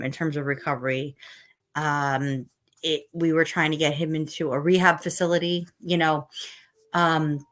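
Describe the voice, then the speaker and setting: A tired woman in middle age, chatting casually on a live stream with a rather low voice. She rambles from topic to topic and stops to answer the chat. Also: fairly bright tone. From Northeast United States. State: tired, yawning. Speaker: livestream host.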